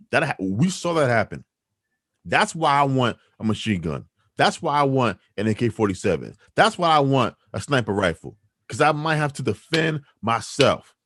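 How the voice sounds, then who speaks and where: A man hosting a podcast, arguing his opinions in an emphatic, animated way. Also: medium pitch, no room sound, studio quality. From New York City. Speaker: podcast host.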